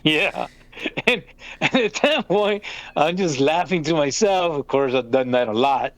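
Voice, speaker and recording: Older guy, podcast storyteller, animated and foul-mouthed, slightly higher voice. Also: measured pace, no echo. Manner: animated, swearing, laughing through the story. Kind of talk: casual storytelling chat.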